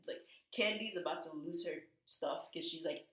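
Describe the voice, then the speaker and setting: A woman co-hosting a casual podcast, telling gossip and acting out quotes in high voices. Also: normal speed, fairly bright tone. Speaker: podcast co-host. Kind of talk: casual chat. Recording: echoey room.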